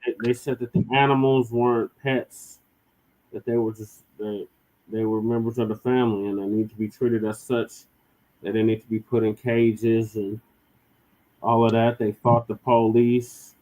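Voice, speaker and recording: A man hosting a podcast in casual chat, unhurried and repeating himself as he goes. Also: mid-range voice, level tone, dark tone. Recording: slightly dull, muffled sound.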